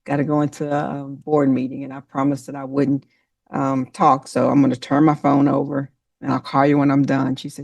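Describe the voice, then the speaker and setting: A woman delivers a motivational talk with a preacher's fervor, speaking straight to her listeners and naming them one by one. Her voice carries a gravelly edge. She sits back from the mic in a dry, deadened space. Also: extremely low pitch, monotone, brisk, darkish tone, no room sound, distant mic. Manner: emotional, preacher-like, calls on listeners by name.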